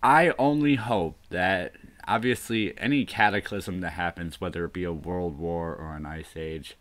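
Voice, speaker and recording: A man in his thirties hosting a solo livestream, rambling and musing aloud, often trailing off into low mutters. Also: normal speed, a bit bright, no echo. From US northeast coast. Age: 30s. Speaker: livestream host.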